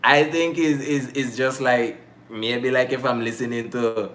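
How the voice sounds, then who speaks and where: A man's voice: medium pitch, normal speed, a bit bright. A man from Bluefields, Nicaragua, with a Nicaraguan Creole English accent, answering viewer questions in a slangy, joking casual chat.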